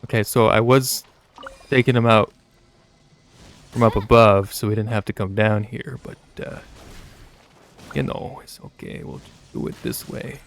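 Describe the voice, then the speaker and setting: A man's voice: fairly low pitch, steady tone, measured pace, creaky, pauses often. A man streaming a video game, chatting casually and joking as he plays. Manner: joking, laid-back. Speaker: gaming streamer. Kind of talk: casual gameplay commentary.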